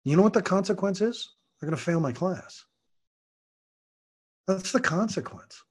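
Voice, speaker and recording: Man, middle-aged, husky, podcast host, earnest coaching tone, acts out quotes. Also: sits high, lively intonation, normal speed, darkish tone. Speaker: podcast host, parenting coach and martial arts teacher. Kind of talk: podcast monologue.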